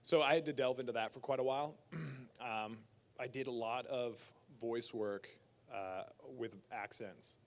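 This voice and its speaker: A Canadian man speaks at a measured pace into a handheld mic on a fan convention panel, his mid-range voice leaping higher whenever he acts out other people. He tells stories with energy and laughs readily.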